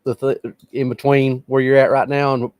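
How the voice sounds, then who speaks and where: A man's voice: mid-range voice, little pitch movement, normal speed, darkish tone, clear, resonant tone, no room sound, studio quality. A man co-hosting a podcast, casually cutting in to remind the host of a missed part of the story. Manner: chimes in with corrections to the story. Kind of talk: casual chat.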